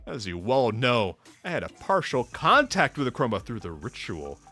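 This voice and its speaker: A man's voice: mid-range voice, very animated, pushed and bright, soft background music, pitched below the performer's own voice. Man playing a cold grand villainess. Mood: solemn. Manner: stately, measured delivery.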